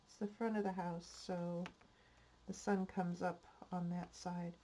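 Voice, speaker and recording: An older woman hosting a crafting channel, talking softly and thinking aloud as she decorates a project in her home craft room. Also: lowish voice, level tone, slight background noise. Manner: slow, soft-spoken, thinking aloud while working. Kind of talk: casual crafting narration.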